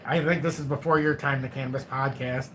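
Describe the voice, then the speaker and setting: A man's voice: medium pitch, fairly even intonation, fairly quick, fairly bright tone, slight background noise. Rambling, joking man in his forties. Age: 40s. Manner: joking, rambling, self-mocking. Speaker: crypto livestream host. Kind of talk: casual livestream chat.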